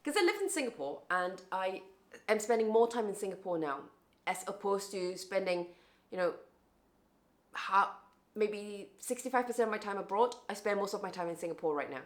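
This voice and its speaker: A woman's voice: mid-range voice, expressive, moderate pace. A young adult woman vlogging to camera in a casual, reflective way, often restarting and repeating words.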